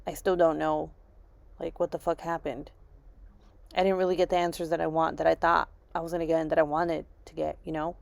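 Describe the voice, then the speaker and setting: Grieving woman with a low, gravelly voice. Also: little pitch movement, darkish tone, no room sound. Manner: halting, restarts and repeats herself, lots of fillers. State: grieving, subdued. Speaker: vlogger and mother. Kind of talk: casual personal vlog.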